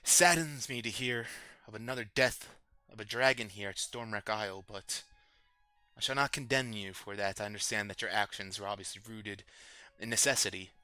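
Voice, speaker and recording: A man voicing a gentle, sincere female dragon teacher in a tabletop game, soft-spoken and apologetic. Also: lowish voice, moderate pace, dry recording, faint music behind. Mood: saddened. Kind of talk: in-character tabletop role-play.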